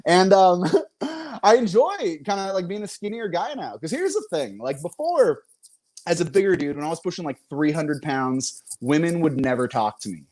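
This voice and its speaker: Animated man doing stand-up, lively high voice. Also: moderate pace. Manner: animated, self-mocking, chuckles between jokes. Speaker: comedian and show host. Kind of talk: stand-up comedy set.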